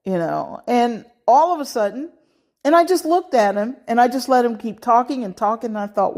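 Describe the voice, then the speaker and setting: A woman's voice: fairly high pitch, animated, moderate pace, darkish tone. Middle-aged American woman host, casual advice monologue, emphatic delivery with "okay" asides. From United States. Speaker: podcast host.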